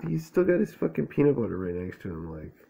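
A man's voice: lowish voice, very animated, fast, gravelly, dark tone, slight background noise. A man reading a children's picture book aloud and breaking off for crude, slangy, laid-back commentary. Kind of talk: stoned commentary over a storybook reading.

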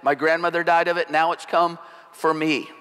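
A man's voice: on the high side, slow pace, a bit bright. A man retelling a hurt, detached wife. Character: wounded wife in counseling, detached then cheery. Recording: long hall reverb.

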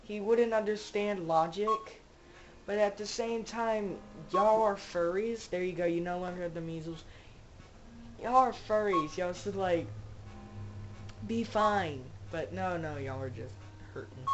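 Slow-talking woman chatting through a game. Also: lowish voice, highs cut off. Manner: rambling, joking, talks to her game characters. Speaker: gamer playing a zombie survival game. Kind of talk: casual let's-play commentary.

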